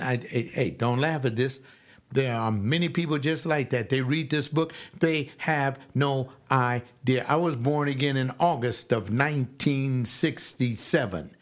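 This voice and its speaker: A man's voice: medium pitch, animated, slow. An older man teaching scripture in an informal, emphatic preaching style, scolding his listeners and mimicking the people he criticizes. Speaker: lay preacher.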